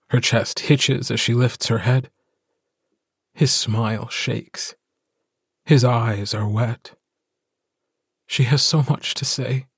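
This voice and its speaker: A man narrating an audiobook in a measured, intimate way. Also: mid-range voice, husky, no room sound, clean studio sound. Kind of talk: scripted narration.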